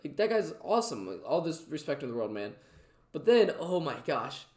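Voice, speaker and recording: A man's voice: fairly high pitch, sing-song, moderate pace, a little mellow, echoey room. A man casually reacting to clips, chatty and full of fillers. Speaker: reaction video host.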